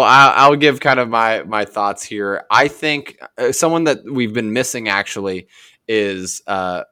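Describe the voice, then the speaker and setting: A young man with a fairly low voice leads a casual podcast chat in an easygoing, joking tone. His voice sounds dry, with no room around it. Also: no room sound. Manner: relaxed, joking, leads the talk. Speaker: podcast host.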